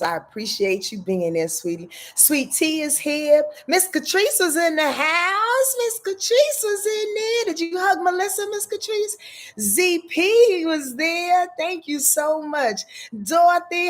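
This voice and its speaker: A tired, effusive woman, hosting a casual astrology livestream from home and greeting viewers by name between frequent laughs. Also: fairly high pitch.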